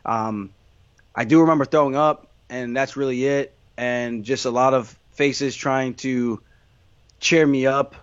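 A man's voice: medium pitch, fairly even intonation, a little slow, no room sound. A man being interviewed about his fighting career, talking in a candid, meandering way full of restarts and fillers. The sound is dry and slightly dull, as though the voice was captured close with no room around it. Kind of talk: casual interview answers.

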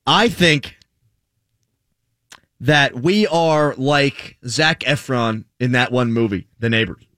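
A man hosting a sports talk radio show, teasing callers in quick back-and-forth. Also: medium pitch, bright, forceful tone, dry recording. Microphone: studio microphone.

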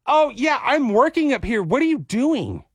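A man voicing a bossy little girl of three or four who talks in a shrill, demanding way. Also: big pitch swings, normal speed, slightly rough, dry recording, full character voice.

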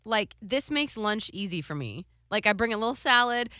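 A woman co-hosting a podcast, chatty and quick to laugh. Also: medium pitch, very animated, sharp tone, no room sound, clean studio sound. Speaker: podcast co-host. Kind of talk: casual chat.

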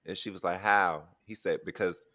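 Man, deep voice, bright tone, relaxed host, playful questions. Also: moderate pace. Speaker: podcast host. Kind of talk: casual chat.

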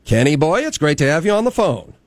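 A man's voice: fairly high pitch, very animated, quick pace, dry recording. A man from Boston hosting a morning talk radio show from the studio in an upbeat announcer delivery. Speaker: radio host.

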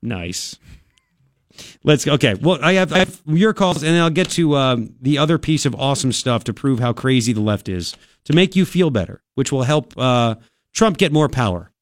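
A man's voice: medium pitch, moderate pace, no room sound, studio quality. A man hosting a political talk radio show, chatting casually and mocking other people in put-on voices. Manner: animated, conversational, mocking impressions of others.

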